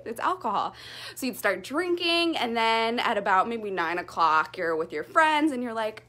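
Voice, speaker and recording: A woman's voice: on the high side, moderate pace. A young woman vlogging casually at home after a workout, still short of breath, chatty and candid. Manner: chatty, candid, lively storytelling. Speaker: fitness vlogger. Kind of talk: casual talk to camera.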